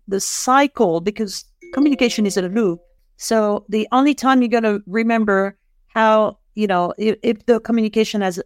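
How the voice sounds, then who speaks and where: A woman's voice: medium pitch, no room sound, studio quality. A middle-aged woman, a podcast guest and author, explaining leadership ideas in a thoughtful, conversational way with frequent restarts. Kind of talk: interview conversation.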